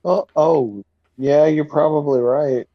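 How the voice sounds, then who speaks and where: A man's voice: fairly high pitch, fairly even intonation, slow, no room sound. A man co-hosting a casual podcast, laid-back with short replies and some stumbling. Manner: laid-back, brief replies, stumbles when making a point. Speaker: podcast co-host. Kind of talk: casual chat about video games. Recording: dull, lo-fi mic with faint background noise and keyboard typing.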